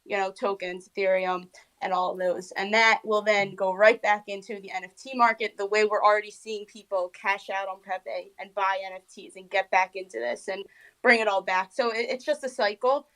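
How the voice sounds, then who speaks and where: A woman's voice: medium pitch, steady tone, normal speed, a bit bright, poor audio. A woman in casual chat, explaining things eagerly with lots of fillers.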